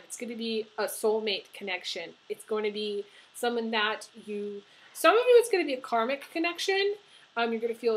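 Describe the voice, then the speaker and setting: A tarot reader gives a casual reading to camera, emotional and tearful, laughing through her tears. She talks with many ums and restarts. Her voice is on the high side and a bit bright, but the audio quality is poor.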